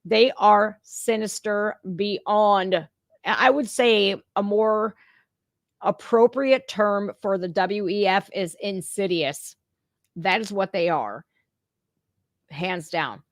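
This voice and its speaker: A woman's voice: mid-range voice, slow pace, no room sound. Woman, reaction host, blunt and profane, dry close sound. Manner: blunt and profane, talks straight to viewers. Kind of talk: casual reaction commentary.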